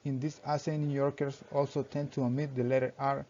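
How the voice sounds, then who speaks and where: A young man reads his class presentation aloud in short, halting phrases, stumbling over grammar now and then. His voice is dark and mellow, and the recording sounds dull and lo-fi. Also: mid-range voice, level tone, slight background noise. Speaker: student presenter.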